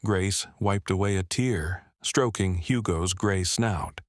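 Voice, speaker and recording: A man with a very deep voice narrates a scripted story at a measured, even pace. The sound is dry and close, with no room echo. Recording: dry close-miked voice-over.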